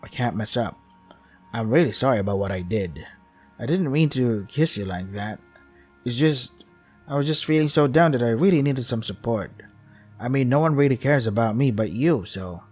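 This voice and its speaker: A man's voice: mid-range voice, animated, moderate pace, darkish tone, husky, faint music behind. A man reading a visual novel aloud, with wry asides that include swearing. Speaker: game streamer.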